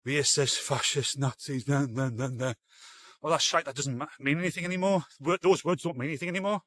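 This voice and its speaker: A man's voice: fairly high pitch, brisk, fairly bright tone, no echo. A middle-aged man, hosting a live-stream show in a rambling, sweary, blunt way. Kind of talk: casual live-stream rant.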